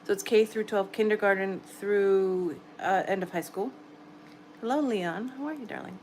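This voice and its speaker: Gentle American woman chatting on a livestream. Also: mid-range voice, normal speed, slight background noise, poor audio. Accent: American, New York. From New York area, US. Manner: gentle, encouraging, chatty with viewers. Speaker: livestream host. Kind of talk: casual live chat reading comments. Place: home at night, quiet room.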